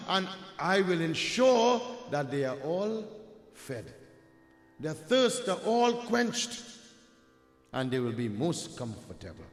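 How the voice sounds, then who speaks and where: A man's voice: high-pitched, fairly bright tone, voice pushed up, full character voice. A Trinidadian man voicing an old, generous holy man who speaks in a reassuring, welcoming way. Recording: echoey hall with long reverb.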